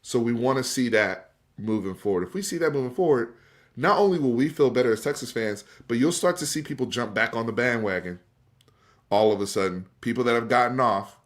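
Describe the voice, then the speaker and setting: This sports talk show host is expressive and a little fast, with a mid-range voice. On his live stream he debates casually and emphatically, talking straight to viewers and restarting words when he's fired up.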